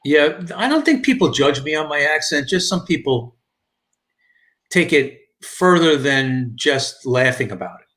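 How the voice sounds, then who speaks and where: Speaking slightly high, expressive and unhurried with a bit of brightness, a middle-aged man with a thick New York accent runs a casual live stream. His talk rambles with repeats and restarts as he reads the chat aloud.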